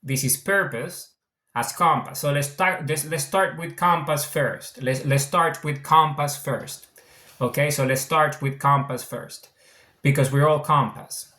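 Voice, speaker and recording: A man's voice: on the high side, unhurried, bright, forceful tone, roomy sound. A man from Venezuela with a mixed international accent, an author talking casually about his book, earnest and repeating his points. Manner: earnest, repetitive, circles back on his points. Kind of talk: casual explanatory monologue.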